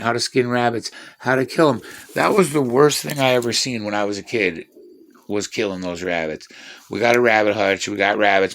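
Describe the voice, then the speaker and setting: Fifties man, gravelly edge, bright tense tone, swears and brags as he rambles through stories. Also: lowish voice. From Washington State, USA. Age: 50s. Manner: profane, boastful, meandering. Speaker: vlogger. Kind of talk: rambling personal storytelling.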